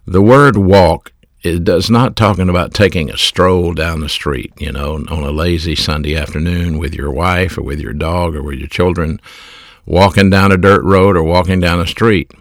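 Man, preacher, low voice, deliberate verse-by-verse sermon, dry sound. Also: no room sound. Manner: deliberate, explains Greek word meanings.

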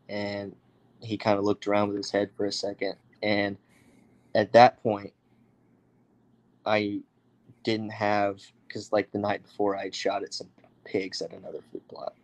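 Young man telling an excited story. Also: lowish voice. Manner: animated, acts out others' voices, many fillers. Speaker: guest storyteller. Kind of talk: casual storytelling.

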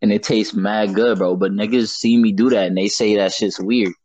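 A man's voice: fairly low pitch, fairly quick, no echo, low-quality recording. Young Brooklyn man telling stories, dry. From Brooklyn, New York. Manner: animated, laughing, slangy storyteller. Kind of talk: casual storytelling chat.

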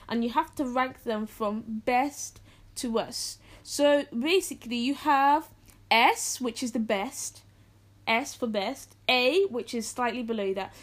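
A woman's voice: on the high side, slow pace. A teenage girl from England, hosting a podcast in casual solo chat, joking and acting out quotes. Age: teens. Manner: animated, jokey, acts out quotes. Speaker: podcast host.

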